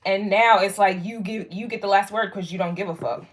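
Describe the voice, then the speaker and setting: A young woman giving a casual spoken astrology reading to viewers, rambling and frank, swearing freely and filling pauses with "like" and "um". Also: medium pitch, steady tone, heavy background noise. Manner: rambling, frank and profane, lots of fillers. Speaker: tarot and astrology reader.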